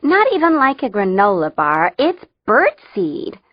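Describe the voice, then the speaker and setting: A woman voicing an excitable, chatty teenage girl in an audiobook. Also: medium pitch, unhurried, dry recording, dull audio, voice pushed up. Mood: excited.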